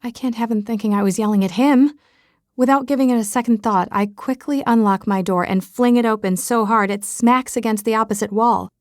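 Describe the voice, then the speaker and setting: A woman's voice: on the high side, a little fast, no room sound, studio quality. A woman reading a first-person romance audiobook with a wry, comic storytelling manner. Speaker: audiobook narrator. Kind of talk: scripted first-person narration.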